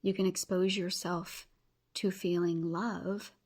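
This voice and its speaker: A woman in her thirties hosts a motivational podcast, speaking earnestly and encouraging her listeners directly. Her husky, breathy voice sits a little low, with a level, darkish tone and a slow pace.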